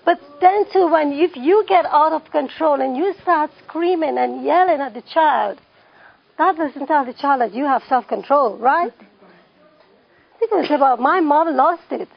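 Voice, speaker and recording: A woman's voice: sits high, measured pace, vocal fry, muffled recording. A woman leading a parenting class, putting questions to the room and repeating the key phrases for emphasis. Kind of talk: classroom teaching with questions to the audience.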